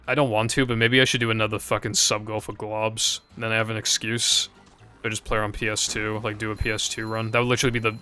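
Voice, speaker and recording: Talking to the people watching his stream, this young man has a lowish voice with a sharp edge. His chat is loose and halting, full of filler words and offhand swearing.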